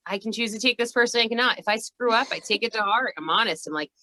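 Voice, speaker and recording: Bright gushing healer lady, dry close sound, earnest spiritual chat. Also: a little high, fast, dry recording. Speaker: podcast co-host, healer.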